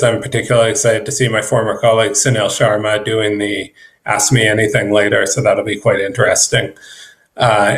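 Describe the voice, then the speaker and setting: A man, a government trade representative, speaking at a virtual event in a conversational way with fillers and restarts. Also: lowish voice. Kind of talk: conference remarks.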